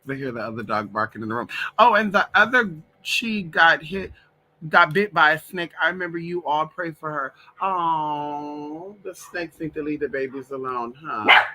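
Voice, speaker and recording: A man's voice: fairly high pitch, moderate pace, sharp tone, low-quality recording. A man chatting casually and playfully on a live stream, talking to his pets and his viewers. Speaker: vlogger doing a live stream.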